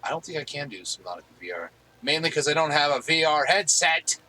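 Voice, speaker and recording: A man's voice: fairly high pitch, very animated, fast, pushed and bright, low-quality recording. A man hosting a casual gaming stream from home on a headset, rambling easily with lots of fillers. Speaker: streamer host.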